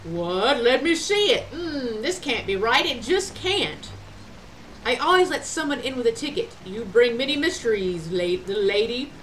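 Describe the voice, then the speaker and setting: A woman's voice: fairly high pitch, expressive, measured pace, a bit bright, slight background noise, poor audio. A woman voicing a suspicious male ticket gatekeeper in a video game, speaking in a doubtful, stern manner.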